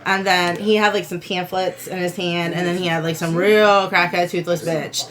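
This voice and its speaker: A woman's voice: on the low side, normal speed. A young adult woman co-hosting a podcast, telling a story in casual chat, swearing freely and acting out the people she quotes. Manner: animated, swears freely, acts out quoted voices. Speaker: podcast co-host.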